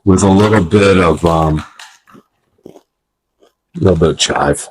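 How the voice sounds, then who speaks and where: A dad with a fairly low voice runs a home cooking segment in his kitchen. He keeps up a playful hype-man patter, tossing out shout-outs and punchy exclamations as he cooks. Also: slow pace, a little hiss or hum, poor audio. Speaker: dad hosting a family cooking show. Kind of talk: casual cooking demonstration.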